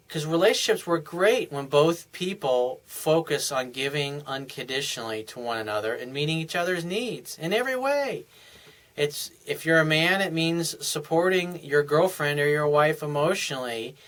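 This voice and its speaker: A man coaching on relationships in an earnest advice monologue, sometimes acting out what partners say to each other. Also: on the high side. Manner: earnest, acts out couples' dialogue in softer voices. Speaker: dating and life coach.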